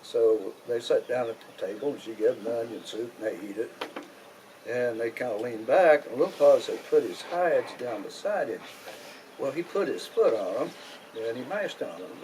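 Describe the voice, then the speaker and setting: A man with a Kentucky accent spins a folk tale in a slow, folksy drawl full of rural grammar and pauses. His voice sits at a middle pitch, with a faint hiss of noise behind. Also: a little mellow, low-quality recording. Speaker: storyteller. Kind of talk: oral folk storytelling.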